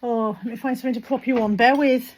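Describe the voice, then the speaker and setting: Her voice is fairly high and her tone steady as she talks fast in a chatty, rambling, self-deprecating vlog. The woman speaks casually to camera, first in a car, then at home, in a dull recording with clear background noise.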